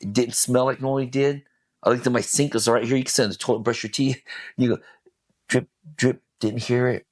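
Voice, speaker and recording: A man's voice: medium pitch, steady tone, a little fast, dry recording. A man guesting on a podcast, telling an intense personal story with emphatic, profane speech. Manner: intense, emphatic, swears freely.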